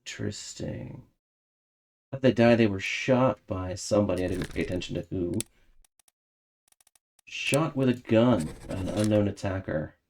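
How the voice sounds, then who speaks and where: A young man playing a puzzle game and talking his thoughts aloud, breaking into excited bursts. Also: on the low side, normal speed. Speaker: gaming video host. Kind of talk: casual game commentary.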